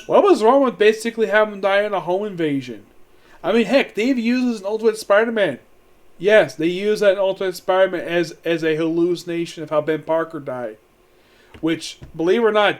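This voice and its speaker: High-voiced man rambling through a film review. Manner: rambling, amused, many fillers and restarts. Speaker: movie reviewer. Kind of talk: casual spoken review.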